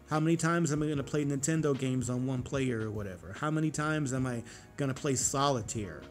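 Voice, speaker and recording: A man's voice: mid-range voice, a little fast, faint music behind. A man in his forties vlogging in a casual, rambling monologue, cursing freely and getting heated. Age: 40s.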